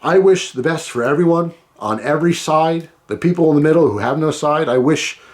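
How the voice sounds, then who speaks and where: A middle-aged man from the United States talks in a loose storytime monologue. His voice sits slightly high for a man, and he rambles, repeating and restarting his phrases. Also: animated, a little fast. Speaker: vlogger.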